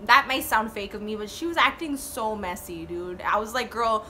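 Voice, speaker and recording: A woman in her twenties telling a storytime vlog in a casual, animated way, swearing and saying "like" a lot. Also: mid-range voice, moderate pace, a little hiss or hum. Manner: animated, swearing, full of "like" fillers.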